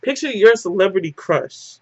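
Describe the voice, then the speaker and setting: A woman's voice: medium pitch, animated, normal speed, husky, no echo, dull audio. A woman vlogger telling a casual story-time monologue, rambling and dramatic, with "like" in nearly every phrase. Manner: dramatic retelling.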